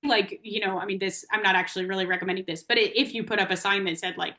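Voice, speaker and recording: A woman's voice: medium pitch, fairly even intonation, quick pace, sharp tone. A woman occupational therapist answering questions in an online workshop, explaining with everyday examples over a video call.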